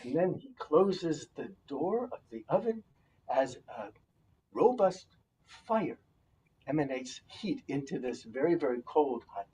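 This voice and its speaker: A man telling a folk tale to his congregation in a halting, lively way, often repeating words, in a synagogue sanctuary. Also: a little high, far from the mic, slight background noise, low-quality recording. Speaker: storyteller.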